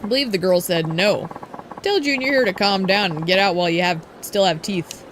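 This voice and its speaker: A woman reading game subtitles aloud as a gruff middle-aged brawler, calm and firm, over a noisy stream recording. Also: mid-range voice, a little fast, lightly acted. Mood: stern.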